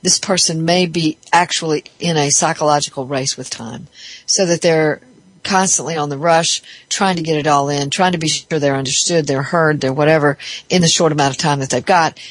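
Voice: medium pitch, moderate pace. A therapist giving a reflective, explanatory talk on psychology, thinking aloud with frequent restarts.

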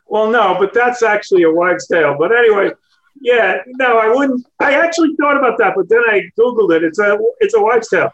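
High-voiced man rambling as a caller. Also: expressive, brisk, fairly bright tone, lo-fi sound. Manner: rambling, corrects himself mid-sentence. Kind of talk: casual phone-in chat.

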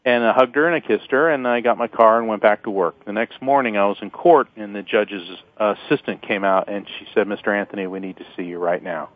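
A man, a lawyer and psychic author guesting on an interview show, telling family anecdotes in a lively way and chuckling often. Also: fairly low pitch, fairly quick, hardly any pauses. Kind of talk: storytelling interview talk. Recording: tinny phone-like, dry sound.

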